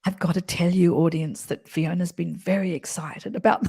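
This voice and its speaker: A woman's voice: lowish voice, normal speed, few pauses, mellow, husky. A woman voice coach explaining voice qualities in an interview, talking expressively and demonstrating as she goes.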